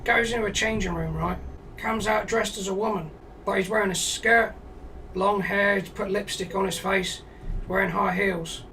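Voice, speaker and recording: A British man telling a crude, rambling comic story in a deadpan way, swearing often. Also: sits high, moderate pace, recorded from a distance, slight background noise, rough recording.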